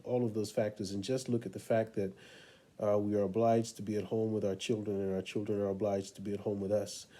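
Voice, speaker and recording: A middle-aged man, a parent coach, telling a story in a relaxed, unhurried way with many pauses. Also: lowish voice. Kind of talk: casual storytelling talk to camera.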